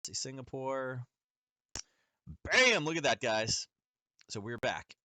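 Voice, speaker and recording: A man's voice: mid-range voice, big pitch swings, takes it slowly, pushed and bright, no room sound. A man hosting a casual trading lesson, talking through charts in a rambling, conversational way with many fillers and self-corrections. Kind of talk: casual screen-share lesson.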